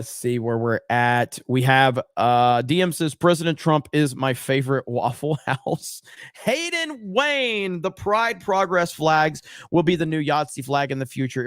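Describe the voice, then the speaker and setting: A man's voice: mid-range voice, clean tone, no room sound, studio quality. A man hosting a livestream in a casual style, reading viewer chat aloud and answering in a blunt, profane way, often repeating words for emphasis. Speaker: livestream host.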